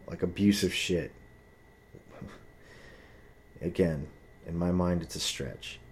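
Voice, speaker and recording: A man's voice: low-pitched, slow, slight background noise. A young man in a casual, profane, heated monologue, telling a story and acting out the voices of the people in it.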